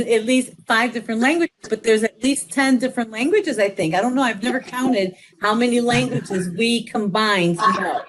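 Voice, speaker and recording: Brief: woman, fairly high voice, playful and giggly, noisy line. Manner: playful, laughs often. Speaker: team member on a panel. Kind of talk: casual chat.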